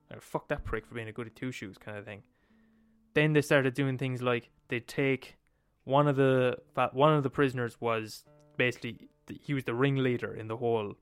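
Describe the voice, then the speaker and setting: A man's voice: medium pitch, clean tone. A young man retelling a story in a casual, profane way, acting out quotes as he goes. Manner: profane, swears freely, acts out quotes.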